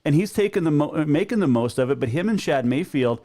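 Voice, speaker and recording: A man's voice: on the high side, lively intonation, fast talker, mellow. A man from Montana hosting a talk show and chatting in an easygoing way with a guest. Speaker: host.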